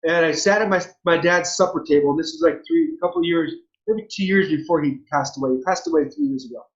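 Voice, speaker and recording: A man's voice: a little high, lively intonation, fast talker, reverberant. A man in his forties from Southern California, a former pro baseball player telling his life story as an interview guest in an earnest, repetitive way, often restarting his phrases. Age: 40s. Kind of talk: heartfelt personal storytelling. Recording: dull lo-fi audio.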